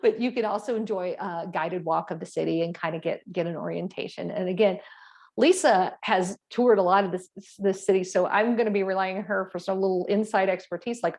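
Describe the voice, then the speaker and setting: A woman's voice: mid-range voice, brisk, darkish tone. A middle-aged woman, a travel agent, giving a casual, rambling presentation to clients, with fillers and frequent self-corrections.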